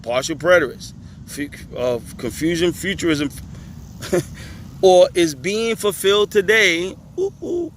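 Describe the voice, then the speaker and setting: A man's voice: on the high side, fairly bright tone, a little hiss or hum. A man outdoors on a hot day, reading questions aloud and commenting on them, laughing often and talking back to the text. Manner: laughing, emphatic, talks back to the page. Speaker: religious commentator.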